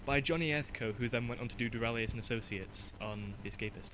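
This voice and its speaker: A man's voice: medium pitch, fast talker, fairly bright tone, slight background noise, low-quality recording. A man co-hosting a casual podcast, rambling and self-deprecating, laughing at his own jokes. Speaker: podcast co-host and intro guy.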